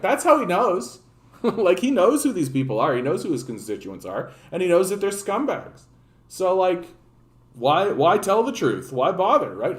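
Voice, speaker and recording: Man, sarcastic profane political rant, rambling, echoey room. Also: fairly high pitch. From Canada. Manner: rambling, profane, sarcastic, with many fillers and restarts. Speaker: political commentary streamer.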